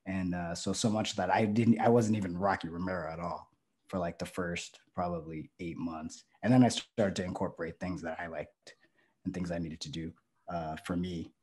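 A man's voice: sits low, fairly even intonation, normal speed, a little mellow. A male pro wrestler talking casually as an interview guest, rambling with lots of fillers and restarts.

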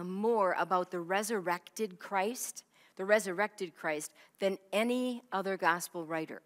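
Woman Bible teacher, mid-pitched, emphatic and repetitive, quizzes her group; long hall reverb. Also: fairly bright tone. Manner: emphatic, repeats key phrases, quizzes listeners.

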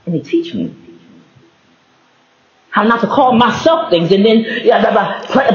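A man's voice: high-pitched, animated, a little slow. A man talking in a casual faith-based monologue, rambling, laughing often and restarting mid-thought. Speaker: vlogger. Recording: roomy, slightly dull recording.

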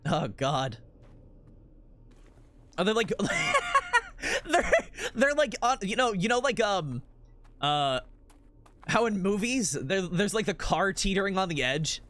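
A man's voice: high voice, wildly swooping pitch, slow, long pauses, a bit bright. A man in his twenties streaming a game, rambling through silly jokes and laughing constantly. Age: 20s. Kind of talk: casual gameplay commentary.

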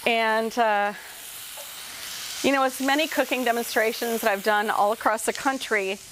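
A woman's voice: a little high, fairly even intonation, moderate pace, noisy background. A woman giving a home cooking demonstration in a kitchen, talking to viewers in a chatty, folksy and playful way.

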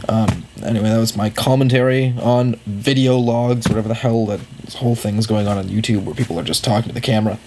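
A young man talking at home in a mocking parody vlog, at times jumping to loud high shouts. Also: background noise. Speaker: vlogger. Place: home room.

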